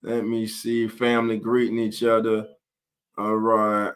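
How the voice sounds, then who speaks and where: A man's voice: lowish voice, monotone, measured pace, clean tone. A man hosting a casual live-stream sports talk show, greeting viewers in chat by name.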